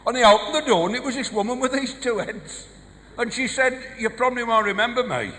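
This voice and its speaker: A man's voice: very high-pitched, lively intonation, brisk. A man with a Black Country accent doing a live stand-up routine, firing off one-liners and short gag stories in a large venue. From English West Midlands. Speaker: stand-up comedian. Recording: live hall reverb, faint noise.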